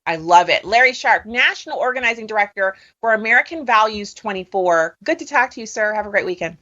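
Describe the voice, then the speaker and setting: A woman's voice: mid-range voice, expressive, fairly quick, bright, forceful tone. Woman radio host on a dull line. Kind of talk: political interview on radio.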